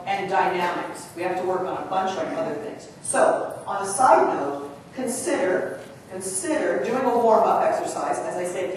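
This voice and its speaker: A woman leading a live choral workshop, energetic and chatty, coaching directors with frequent asides. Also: mid-range voice. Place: large conference hall. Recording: distant voice in a big echoing hall with room noise.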